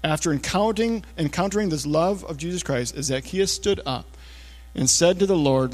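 A man preaching a conversational sermon, checking in with listeners with little asides and often dropping to a low, hushed voice for emphasis. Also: moderate pace. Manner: casual, talks to listeners with frequent checks like "okay?" and "all right?". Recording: long reverb of a large hall.

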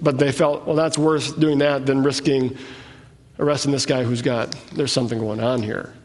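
A man's voice: medium pitch, fairly even intonation, normal speed. Man preaching in an echoey hall. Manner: reads scripture aloud, then explains in plain conversational asides. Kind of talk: sermon, Bible teaching. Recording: echoey hall with long reverb.

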